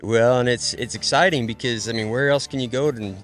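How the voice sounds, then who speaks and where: A man answering interview questions as a horse trainer, relaxed and hesitant with many fillers. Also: mid-range voice, a little fast.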